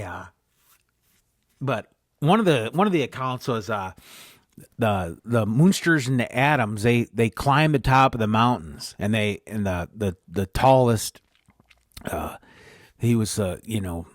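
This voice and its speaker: A man's voice: on the low side, dry recording, studio quality. A man hosting a podcast, rambling through a made-up story and often correcting himself. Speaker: podcast host.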